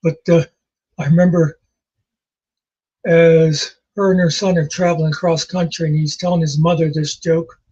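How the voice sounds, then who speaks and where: A man in his sixties with a husky voice, chatting casually as a host and telling rambling jokes and memories. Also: on the high side, little pitch movement, moderate pace, warm tone. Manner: rambling storyteller, laughs at his own jokes. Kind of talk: casual chat. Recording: dull lo-fi recording.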